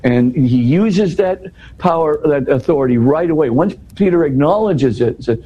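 A man giving an explanatory talk in an interview, teaching in an animated way and often checking in with "right?". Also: fairly high pitch, normal speed, slight background noise, low-quality recording. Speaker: interview guest explaining scripture.

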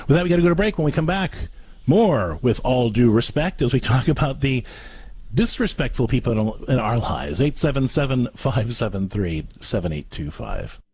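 A man's voice: mid-range voice, husky, no echo. A man co-hosting a parenting advice radio show, coaching callers step by step in an earnest way. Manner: earnest, coaching, acts out gentle parent scripts.

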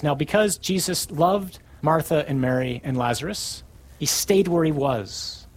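Guy preaching, kinda husky voice, gets loud on the quotes then drops way down. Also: rough recording. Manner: emphatic, rising for quoted scripture and dropping low for key lines. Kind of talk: sermon.

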